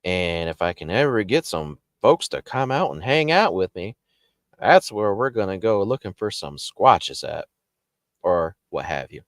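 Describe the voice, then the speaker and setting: A man casually telling a paranormal story as the show's host, animated and jumping up in pitch when he acts out quotes. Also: a little slow, dry recording, studio quality. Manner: animated, jumps high when acting out quotes.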